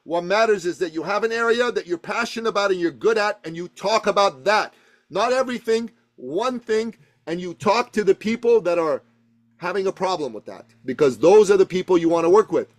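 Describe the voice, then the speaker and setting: A high-voiced man talks business as a podcast guest, punching his points with repeated words. His delivery is lively and emphatic, and his voice stays high and light throughout. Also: brisk. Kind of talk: energetic storytelling advice.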